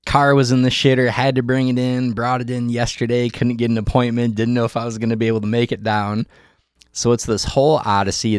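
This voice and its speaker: A podcast host telling a profane, animated story and acting out the other people's lines. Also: male voice, lowish voice, no echo, studio quality. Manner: profane, animated storyteller who acts out quotes. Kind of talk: casual storytelling chat.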